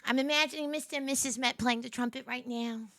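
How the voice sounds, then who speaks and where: Bright-voiced animated woman streamer. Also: high-pitched, quick pace, no room sound. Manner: animated, swings from soft murmurs to excited squeals. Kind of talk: casual livestream chat.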